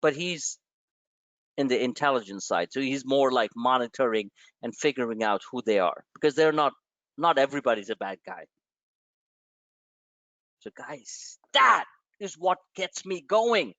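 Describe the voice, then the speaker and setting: A man's voice: medium pitch, lively intonation, a little slow, pauses often, pushed and bright, no room sound. A man hosting a live stock-trading webinar, talking in an emotional, impassioned and blunt way, with some swearing. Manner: impassioned, emotional motivational rant. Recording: dull, dry lo-fi webinar audio.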